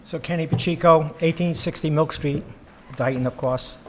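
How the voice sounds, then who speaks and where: A man's voice: fairly high pitch, steady tone, normal speed, darkish tone. Guy at a town meeting, former board member, earnest and plain, lots of uh's, faint hum behind. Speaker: former selectman speaking at public comment. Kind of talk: heartfelt public comment.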